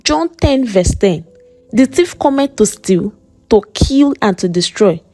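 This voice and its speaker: A woman puts on a stern Nigerian church mother, a widow who lectures her daughter with mocking sarcasm and preacher-like verses. Her voice sits high and swings widely, slow and deliberate in a dry, close storybook narration. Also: expressive, dark tone, dry recording. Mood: preachy scolding. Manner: mocking, sermon-like scolding.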